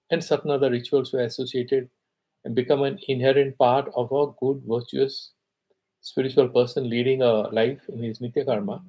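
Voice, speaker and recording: A man teaching scripture, reciting Sanskrit verses slowly and then explaining them conversationally. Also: mid-range voice, dark tone, breathy edge, poor audio. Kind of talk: explaining Sanskrit texts in a class.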